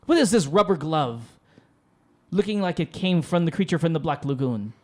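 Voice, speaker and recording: A man's voice: on the high side, expressive, moderate pace, a little mellow. A man voicing a blind man giddy with wonder over lemonade, in melodramatic, rambling exclamations, in an improvised tabletop role-play. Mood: awestruck.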